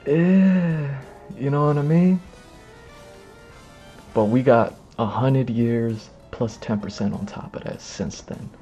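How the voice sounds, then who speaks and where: A man's voice: medium pitch, measured pace, pauses often. Hyped guy on a stream riffing in slang, mid voice, muffled audio, some music going. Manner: excitable, laughing, repetitive slang. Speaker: live streamer. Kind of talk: casual reaction commentary.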